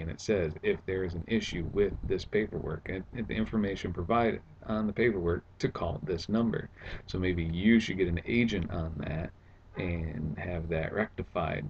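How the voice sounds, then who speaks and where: A man with a low, gravelly voice tells a story in a casual vlog from home, sarcastic and exasperated as he recounts the tale. The sound is dull and lo-fi, with a faint hum underneath. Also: a little mellow. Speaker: vlogger. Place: at home indoors.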